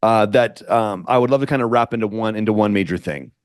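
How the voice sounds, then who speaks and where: A man's voice: fairly low pitch, quick pace, no echo, clean studio sound. A man hosting an interview podcast, fervent and faith-driven, often stumbling and repeating his words. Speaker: podcast host.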